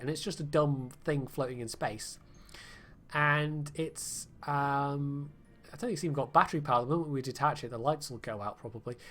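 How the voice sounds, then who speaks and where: A British man casually talking through a game on a livestream, rambling with lots of fillers and wry, self-deprecating jokes. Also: a little high. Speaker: game streamer. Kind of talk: casual livestream gameplay commentary.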